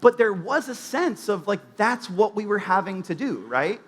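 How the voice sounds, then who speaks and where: Chatty preacher man, higher voice. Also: lively intonation, normal speed, a bit bright. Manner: conversational, many fillers and restarts. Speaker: pastor. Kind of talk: sermon. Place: church.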